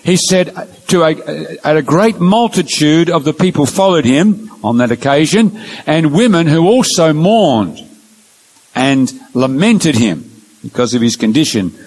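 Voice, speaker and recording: A man giving an illustrated Bible lecture, explaining step by step through numbered points in an earnest, measured way. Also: on the high side, expressive, darkish tone, breathy edge, rough recording. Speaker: Bible teacher.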